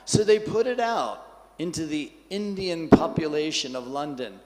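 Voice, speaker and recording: A man giving a scripture class in a temple hall, telling an anecdote in a lively way and acting out the quotes. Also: a little high, normal speed, noisy background. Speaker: class speaker.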